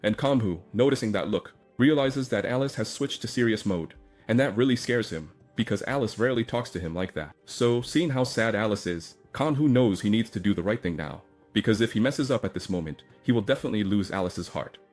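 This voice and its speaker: A man tells a comic story in a relaxed, chatty recap, stringing scenes together with "and so" and little asides. His voice sits on the low side. Faint music plays beneath him. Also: a little fast. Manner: chatty retelling with many "and so" links and asides. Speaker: recap narrator. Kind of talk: casual story recap narration.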